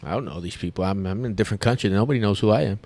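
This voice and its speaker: A man, a podcast host telling a long story in casual chat, animated and rambling with restarts. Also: lowish voice, racing. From United States.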